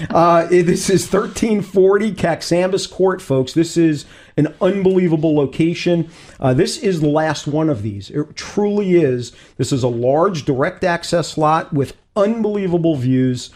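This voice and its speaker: A man hosting a radio real estate show, pitching a listing with emphatic enthusiasm. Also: a little mellow. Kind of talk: casual radio talk show.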